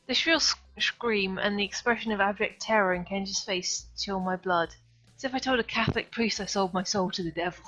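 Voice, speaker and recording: A woman's voice: mid-range voice, a little fast, fairly bright tone. Woman streaming, reads the game out and cracks dry jokes, muffled audio. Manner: wry asides between dialogue. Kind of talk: reading a visual novel aloud with commentary. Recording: dull lo-fi stream audio, faint music.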